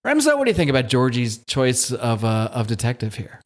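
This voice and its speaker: A man's voice: medium pitch, wildly swooping pitch, brisk, hardly any pauses. A young man co-hosting a podcast, rambling and joking through a comic book recap. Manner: rambling, jokey, many fillers. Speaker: podcast co-host.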